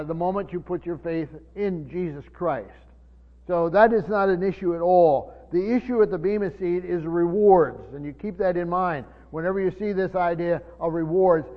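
High-voiced preacher in an echoing hall. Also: male voice. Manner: halting, many fillers and restarts, slows to stress words. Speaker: pastor. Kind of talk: sermon, Bible teaching. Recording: muffled sermon recording in a reverberant hall.

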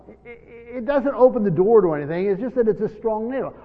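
A man's voice: sits high, animated, fast. A man preaching a verse-by-verse sermon as a pastor, earnest, often repeating words and leaning hard on key words. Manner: earnest, repeats words, stresses key words, voices imagined speakers. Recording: dull lo-fi church hall recording with long reverb.

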